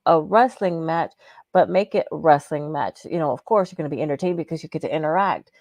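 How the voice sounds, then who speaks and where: A woman's voice: sits low, fairly quick, darkish tone, dry recording. A woman co-hosting a podcast, casual, blunt and outspoken. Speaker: podcast co-host. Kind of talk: casual chat.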